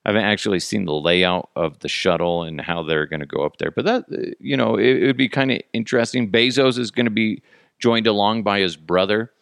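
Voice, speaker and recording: A man's voice: lowish voice, fairly quick, vocal fry, fairly bright tone, no room sound, clean studio sound. A man hosting a radio show, rambling through a casual comedic monologue with goofy, profane jokes and laughter. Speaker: radio host.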